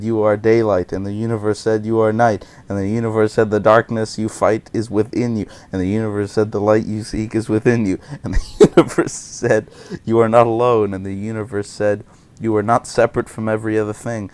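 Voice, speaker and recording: A man's voice: lowish voice, level tone, a little fast, a little mellow, clean tone. A man hosting a game session, reading the game's text aloud and often stumbling and giggling over the words. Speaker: channel host. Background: game music.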